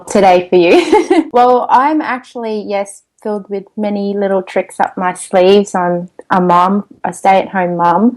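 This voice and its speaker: Chatty Australian mum as interview guest, laughs easily, natural restarts. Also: female voice, medium pitch, darkish tone, poor audio. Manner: chatty, laughs often, many ums and restarts. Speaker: podcast guest.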